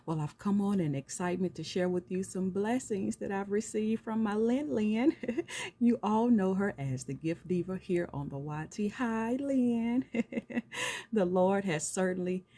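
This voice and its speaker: A woman's voice: medium pitch, animated, unhurried, dark tone. A woman hosting a craft vlog from home, gushing with thanks and laughing often as she unboxes gifts. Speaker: craft channel host opening gifts. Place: at home, filming on a tripod. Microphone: camera on a tripod.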